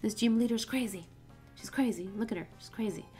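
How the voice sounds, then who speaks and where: A woman's voice: a little high, fairly quick, warm tone, faint music behind. A young woman hosting a let's play, chatting casually and rambling off on tangents while she plays. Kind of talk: casual gameplay commentary.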